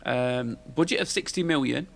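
A man's voice: medium pitch, moderate pace, gravelly. A man, hosting a podcast in casual, rambling chat full of fillers and tag questions. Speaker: podcast host.

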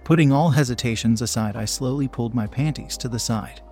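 A man narrating a first-person story aloud in a slow, hushed reading voice. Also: medium pitch, faint music behind.

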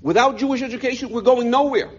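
A man's voice: very high-pitched, quick pace, husky. A middle-aged man telling a personal story to a gathering, heartfelt and full of restarts, in a dull lo-fi recording. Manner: heartfelt, repeats words often while searching for them. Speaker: speaker telling his life story.

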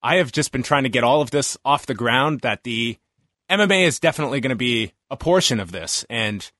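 A man's voice: medium pitch, lively intonation, a little fast, bright, forceful tone, no echo, studio quality. A man hosting a podcast, chatting casually and enthusiastically with his guest. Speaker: podcast host. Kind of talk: casual interview chat.

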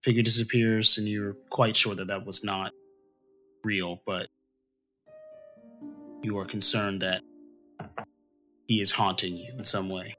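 A man's voice: fairly low pitch, little pitch movement, measured pace, long pauses, sharp tone, faint music behind. A man narrating as game master for a tabletop game, hesitant and full of fillers. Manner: hesitant, many fillers, clears throat.

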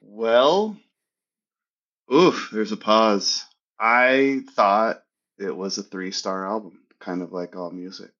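A man with a lower voice weighs his words in a casual podcast chat, hesitant and full of restarts. The audio is dull and lo-fi. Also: slow, a bit bright. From United States. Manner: hesitant, thoughtful, many restarts. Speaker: podcast co-host.

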